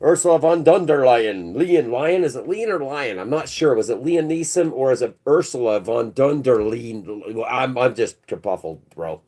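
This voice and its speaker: A man's voice: medium pitch, animated, normal speed, hardly any pauses, warm tone. Man, channel host, mid-range voice, rambling conspiratorial livestream rant, keeps saying bro. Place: indoors.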